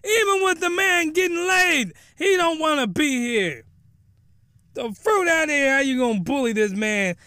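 An anime reviewer with a very high, bright voice rambles through a comedic anime recap, expressive and a little slow, getting loudly incredulous as he jokes constantly and digresses. The recording is dry and close, with no echo or room sound.

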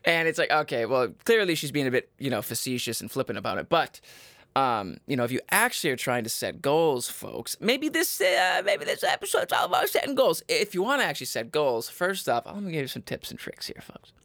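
A man's voice: expressive, brisk, a bit bright, dry recording, clean studio sound. Brash, profane man ranting advice. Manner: profane, mock-motivational rants with sudden squeaky jabs. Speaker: podcast host. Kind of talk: comedic advice monologue.

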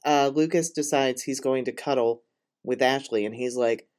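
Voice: mid-range voice, fairly even intonation, normal speed, darkish tone. A podcast co-host in casual chat, recapping a film with dry, opinionated asides.

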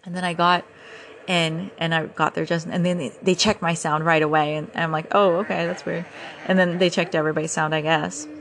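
Animated woman telling a story. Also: on the low side, a little fast, a little hiss or hum. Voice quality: animated, breathless retelling with quoted reactions. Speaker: podcast host. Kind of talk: casual storytelling monologue.

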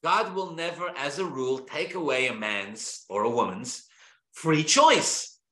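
A man, a rabbi teaching a Torah class, speaking in an animated, emphatic way with rhetorical questions and frequent restarts. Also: a little high, a little slow. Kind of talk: lecture-style Torah class. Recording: roomy echo.

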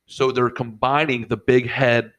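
A man in the middle of a loose podcast conversation, spinning a rambling story full of swearing. He keeps jumping into his own past reactions and acting them out, with a voice pitched right in the middle range. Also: little pitch movement, a little slow, a bit bright. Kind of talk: casual comedic storytelling.

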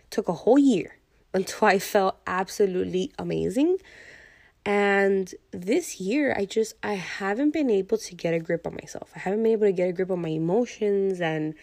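A woman's voice: mid-range voice, expressive, normal speed, a little mellow, no echo. Candid woman podcaster, dry close sound. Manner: candid, rambling, full of "you know" and "like". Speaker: podcast host. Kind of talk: casual personal podcast monologue.

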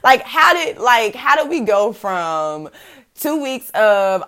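A young adult woman hosting a podcast, talking casually about faith and dating, animated, laughing often, with many "like"s and fillers. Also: medium pitch, a little slow. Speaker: podcast host.

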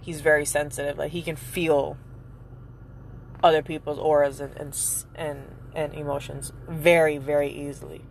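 A woman's voice: low voice, level tone, moderate pace, creaky. A young woman, a mother, ranting angrily with heavy swearing in a casual vlog. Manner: angry, profane, emphatic ranting. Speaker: mother venting. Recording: noisy street background.

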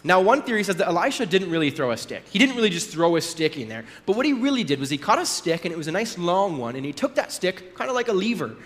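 A man's voice: sits high, sing-song, quick pace, hardly any pauses, fairly bright tone. A male pastor giving a conversational sermon, telling a story with casual asides and little acted voices. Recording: long hall reverb.

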